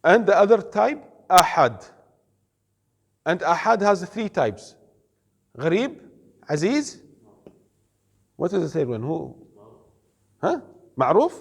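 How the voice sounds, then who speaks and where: A man teaches an Islamic studies classroom lecture in a high, very animated, gravelly and slightly rough voice with a big-room sound. He explains slowly and carefully, quizzes his students and mixes in Arabic terms.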